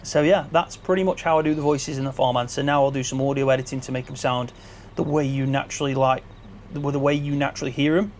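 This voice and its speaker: A man's voice: mid-range voice, fairly even intonation, fast, darkish tone, a little hiss or hum. A man on a headset mic, casually chatting behind the scenes as a gaming video creator. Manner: chatty, grateful, loose, with restarts.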